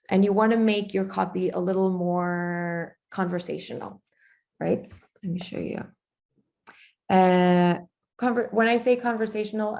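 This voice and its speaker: A woman's voice: lowish voice, a little mellow. Conversational woman giving a presentation. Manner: conversational, uses fillers and asks "right?". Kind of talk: presentation on branding.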